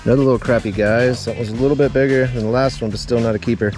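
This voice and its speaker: A man, excitedly narrating his creek fishing trip to viewers. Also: medium pitch, racing, soft background music. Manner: excited, drawling exclamations to viewers. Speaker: fishing vlogger. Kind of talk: casual outdoor commentary.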